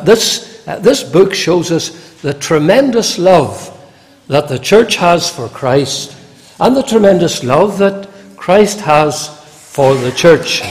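A man delivers a sermon at an unhurried, deliberate pace, his slightly high voice swinging widely as he quotes scripture with emphasis. His words ring out in a church hall with a long, lingering reverb. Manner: slow, measured preaching with emphatic quoted scripture. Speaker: preacher.

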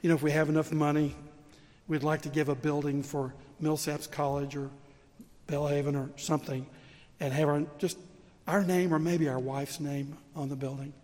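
An older Southern pastor preaches in a slightly high voice, his words ringing out with the long reverb of a big church sanctuary. He tells stories in an easy, conversational way, then builds to emphatic, rising peaks. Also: normal speed, a little mellow. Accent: Southern American. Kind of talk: sermon.

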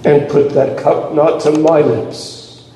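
A man's voice: fairly high pitch, little pitch movement, takes it slowly, mellow, slight background noise. A man preaching a sermon, impassioned and emphatic, in a church. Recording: echoey hall, voice from far off.

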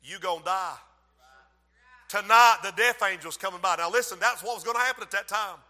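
Male preacher, very high and piercing, dramatic sermon storyteller, long hall reverb. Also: fairly quick. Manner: dramatic storytelling, acts out voices, shouts.

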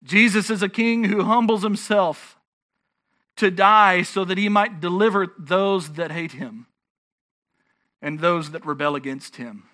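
A man's voice: high-pitched, unhurried, bright, forceful tone. A man preaching a sermon as pastor, earnest and emphatic, often restarting his phrases.

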